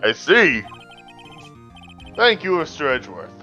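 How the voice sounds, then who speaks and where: A woman's voice: sits low, sing-song, measured pace, pushed and bright, soft background music, exaggerated voice. A woman voicing a stiff elderly male judge in a fan dub of a game, speaking formally. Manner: formal, stumbling over names. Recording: dull lo-fi sound.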